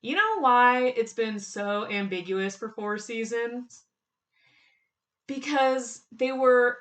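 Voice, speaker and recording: Female fan commentator, bright tone, slightly high, excitable and chatty. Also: slow pace. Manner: excited, laughing often, quotes lines in bursts. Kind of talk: casual TV reaction commentary.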